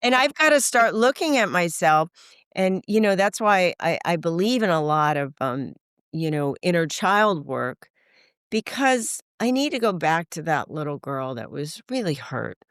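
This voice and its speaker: Older lady on a podcast, low voice, dry close sound, swears and does little voices. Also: normal speed, clean tone, dry recording. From United States. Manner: animated, acts out voices in her stories; frank, swears casually. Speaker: podcast guest. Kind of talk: candid conversational interview.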